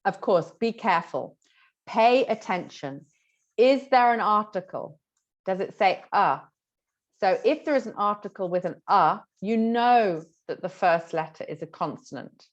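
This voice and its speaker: A woman's voice: medium pitch, muffled recording. A woman teacher giving exam tips in a chatty way, explaining through examples with frequent fillers. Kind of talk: exam tips lesson to camera.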